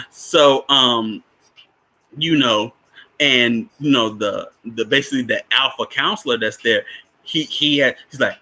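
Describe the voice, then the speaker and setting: Man, casual film talk, bright, chuckles, restarts a lot, mid pitch. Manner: rambling with many restarts, chuckles often. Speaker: spiritual teacher discussing a film.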